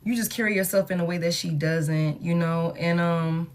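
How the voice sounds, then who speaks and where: A woman's voice: lowish voice, fairly even intonation, normal speed. A woman giving a casual tarot reading in a blunt, repetitive, slangy way, often saying "you know what I'm saying,". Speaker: tarot reader.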